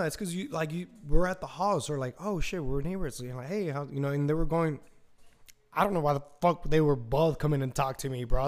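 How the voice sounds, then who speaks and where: Rambling, profane man, slightly high voice. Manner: rambling and profane, full of fillers. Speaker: podcast host. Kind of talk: casual monologue.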